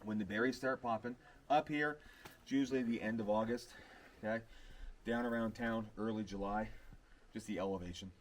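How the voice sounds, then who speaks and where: A man's voice: on the low side, fairly even intonation, normal speed, long pauses. A man working as a wildlife tour guide, explaining things to his group and calling them folks. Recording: dull noisy recording with vehicle sounds.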